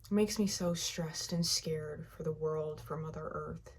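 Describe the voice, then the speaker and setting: Woman doing a tapping session, low steady voice, slow heartfelt affirmations, faint hum behind. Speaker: EFT tapping guide.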